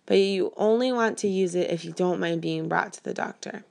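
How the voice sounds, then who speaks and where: A woman's voice: lowish voice, moderate pace, vocal fry, a little mellow. A woman reading the lines of a carefree, superstitious teenage boy in an audiobook, offhand and teasing. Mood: fond. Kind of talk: audiobook character voice.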